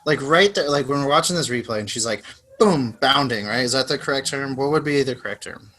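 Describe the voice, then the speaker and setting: A young man co-hosting a casual podcast, loose and jokey, peppering his talk with slang. His voice is bright and forceful, at an average pitch for a man. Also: fairly quick, a little hiss or hum. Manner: laid-back, joking, lots of "like" and "dude". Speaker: podcast co-host. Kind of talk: casual chat.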